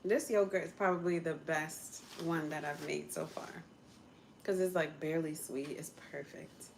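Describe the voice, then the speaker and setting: A woman's voice: deep voice, fairly even intonation, moderate pace, vocal fry, noisy background. Chatty woman answering livestream comments. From United States. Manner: chatty, laughs often, answers viewer comments. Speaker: livestream host. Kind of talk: casual livestream chat.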